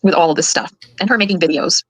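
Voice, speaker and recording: An older woman and grandmother giving her side of a family conflict, fast and indignant, getting worked up as she talks. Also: fairly low pitch, breathy edge, no echo, rough recording. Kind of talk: emotional recorded account.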